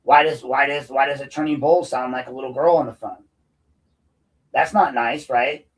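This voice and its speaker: A man's voice: medium pitch, steady tone, normal speed, distant mic, poor audio. Profane, combative man ranting off-mic. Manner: profane, combative, gets loud and heated. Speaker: podcast host. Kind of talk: unscripted ranting monologue.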